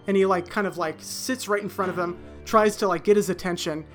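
A man's voice: high-pitched, fairly even intonation, fairly bright tone, soft background music. A man running a tabletop game, narrating casually with many fillers. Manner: casual, halting, with frequent fillers. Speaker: game master.

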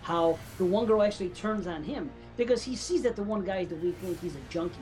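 A woman's voice: mid-range voice, fast, darkish tone, faint music behind, rough recording. A woman in casual podcast chat about a film, blunt and swearing heavily as she explains her take. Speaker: podcast co-host.

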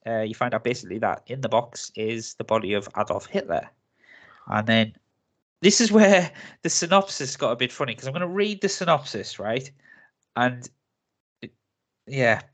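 A man's voice: medium pitch, sing-song, moderate pace, pauses often. Chatty man reviewing films. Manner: chatty, laughs often, rants with mock accents. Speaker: film review podcast host. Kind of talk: casual chat.

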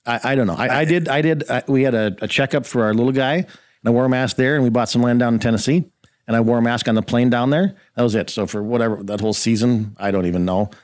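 A man's voice: mid-range voice, fast, no echo, studio quality. A man guest-hosting a casual talk show, telling a long story and acting out the voices of the people in it. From rural Minnesota. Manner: animated storyteller acting out quotes. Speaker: guest host.

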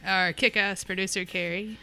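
A woman's voice: medium pitch, fairly even intonation, normal speed, sharp tone, dry recording, faint music behind. Bubbly woman hosting a podcast. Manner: bubbly, playful. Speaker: podcast host. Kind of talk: casual podcast chat. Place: podcast studio.

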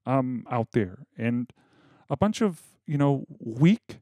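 A man's voice: medium pitch, animated, takes it slowly, mellow, no room sound. A man hosting a casual comedy chat, rambling in a crude, mock-preachy way. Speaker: podcast host.

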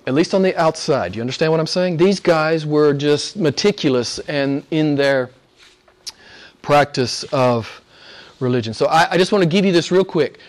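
A man preaching a sermon. He asks the audience rhetorical questions, repeats phrases for emphasis, and swings between loud emphatic peaks and hushed, near-whispered asides. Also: a little high, normal speed.

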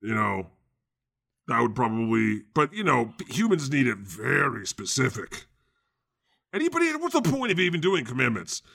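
A man's voice: medium pitch, normal speed, gravelly, heavily acted. A man playing a jaded, slangy God. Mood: laid-back. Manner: laid-back, slangy, deadpan. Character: God, a casual jaded male deity. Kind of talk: improvised comedy character interview.

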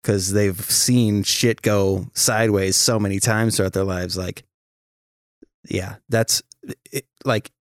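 A man's voice: fairly low pitch, slow, no echo, studio quality. A man hosting a podcast, talking casually and animatedly, with frequent swearing. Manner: profane, animated storytelling. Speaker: podcast host. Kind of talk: casual chat.

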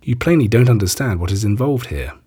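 A man reading the words of a stern, scheming high priest in a firm way. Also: very animated, brisk, dark tone, slightly rough, full character voice. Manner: firm, plain reading of quoted speech.

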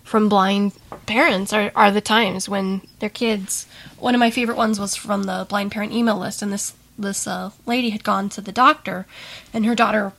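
A woman's voice: medium pitch, fairly even intonation, moderate pace, creaky, a bit bright. A woman hosting an interview, speaking reflectively with frequent repeated starts. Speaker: host. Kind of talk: conversational interview.

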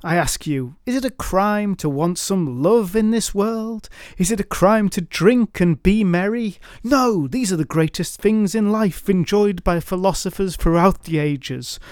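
A man voicing a boastful, lecherous, drunken knight, all loud blustering bravado. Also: high voice, a little slow, few pauses, clear, resonant tone, no room sound, clean studio sound, pitched above the performer's own voice. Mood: boisterous.

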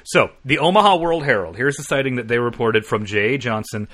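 Male podcast host, crisp bright tone, crude rambling jokes, casual chat. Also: mid-range voice, brisk. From Indiana. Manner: crude joking, loose and rambling.

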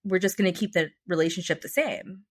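A young adult woman co-hosting a podcast, telling a personal story in a chatty, animated way with lots of fillers. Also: on the low side, brisk, slightly rough. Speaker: podcast co-host. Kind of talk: casual chat.

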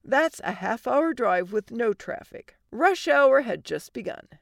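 Wry woman with a gravelly voice narrating stories. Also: a little high, animated, a little slow, no echo. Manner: wry, dry comic delivery. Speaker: podcast host and story narrator. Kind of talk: storytelling podcast narration.

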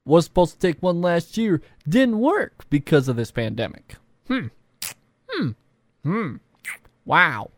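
A man's voice: mid-range voice, no room sound, studio quality. A young man vlogging casually, rambling and self-deprecating with lots of fillers. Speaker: YouTuber. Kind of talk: casual vlog talk.

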